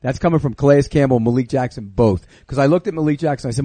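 A man's voice: medium pitch, quick pace, few pauses, dark tone, no room sound. A middle-aged man talking football as an analyst, blunt and sure of his opinions. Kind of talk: casual sports chat.

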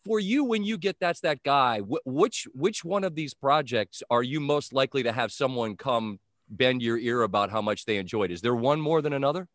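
A man's voice: mid-range voice, animated, moderate pace, fairly bright tone, dry recording, clean studio sound. A man hosting a casual chat show, talking in a wry, chatty way. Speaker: host. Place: home, in a neighbor's yard.

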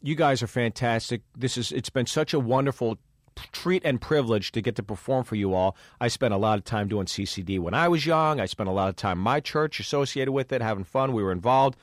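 A man's voice: medium pitch, fairly quick, no room sound, studio quality. A man, a comedian co-hosting a podcast, telling a road story in casual chat and acting out the dialogue with plenty of swearing.

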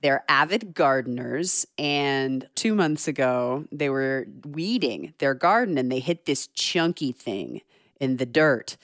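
A woman's voice: low-pitched, dry recording, studio quality. A woman co-hosting a radio show, telling a news story in a playful, giggly way. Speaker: co-host.

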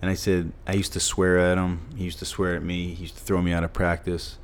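A man's voice: low-pitched, completely flat delivery, fairly quick, slight background noise. A middle-aged man from Massachusetts, a former football player telling stories as a podcast guest, emphatic and fond of repeating phrases for punch. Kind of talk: storytelling in a podcast conversation.

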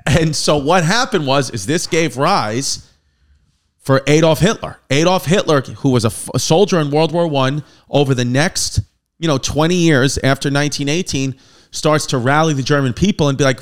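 A man in his thirties hosts a comic history lesson, his voice sitting a little high for a man. He talks loosely and swears freely. He breaks into sudden loud bursts to land his jokes. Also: normal speed. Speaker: comedian host of a history show.

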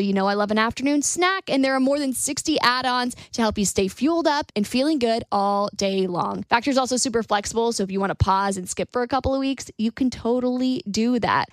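A woman's voice: fairly high pitch, no echo. A woman hosting a podcast, chatting casually with a guest and reading ads in a playful way. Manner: reacting with surprised questions, playful in ads. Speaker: podcast host. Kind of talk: casual chat and ad reads.

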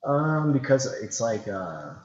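A man's voice: mid-range voice, big pitch swings, slow pace. A young man chatting casually as a podcast co-host, laid-back and swearing now and then, often asking if you know what he means. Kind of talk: casual chat. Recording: echoey room, dull lo-fi sound.

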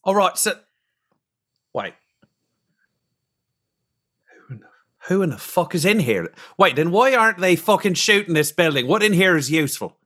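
Bright-voiced man playing a tabletop game. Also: sits high, big pitch swings, normal speed, pauses often. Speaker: player.

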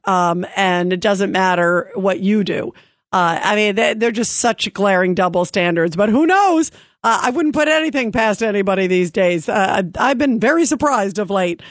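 A woman's voice: a little high, no room sound. A woman hosting a call-in talk radio show, chatty and opinionated, with many fillers.

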